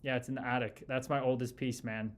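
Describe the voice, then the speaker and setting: A man's voice: mid-range voice, level tone, fairly quick. A man in his early thirties hosting a livestream, reading chat and talking casually, swearing often and calling everyone brother. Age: early 30s. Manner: profane, loose and enthusiastic, calls people brother. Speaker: podcast host reading live chat.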